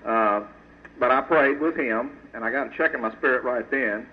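A man's voice: mid-range voice, moderate pace. A man, a sculptor, telling an audience his faith testimony in an earnest, folksy storytelling way. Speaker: Christian sculptor giving a testimony. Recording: tinny phone-like radio audio.

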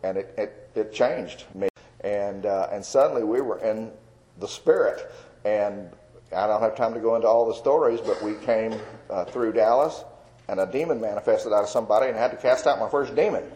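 A man's voice: lowish voice, moderate pace, warm tone, poor audio. An older man, an evangelist telling his testimony in a folksy, chuckling sermon style. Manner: folksy storytelling with fillers and chuckles.

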